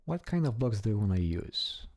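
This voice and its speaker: Brief: male gameplay streamer, low and warm tone, relaxed self-talk, casual swearing. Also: moderate pace, dry recording. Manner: chatty, talks to himself while building, swears casually.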